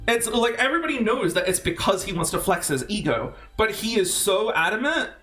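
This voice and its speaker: Fast-ranting high-voiced young streamer. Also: male voice, big pitch swings, pushed and bright. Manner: fast, rambling, laughs often, swears. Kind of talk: casual ranting chat. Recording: echoey room, faint music.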